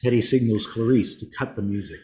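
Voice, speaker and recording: A man reading a play's stage directions aloud in a plain, even voice. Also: lowish voice, fairly quick.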